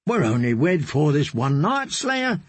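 A man's voice: on the high side, very animated, unhurried, breathy edge, no room sound, full character voice. A man doing a drunken swaggering young singer. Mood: tipsy boastful. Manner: teasing, swaggering. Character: drunken young male singer, boastful and merry.

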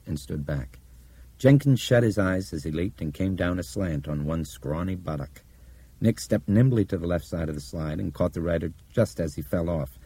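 Low, dark, husky male audiobook narrator. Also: no room sound. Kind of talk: scripted narration.

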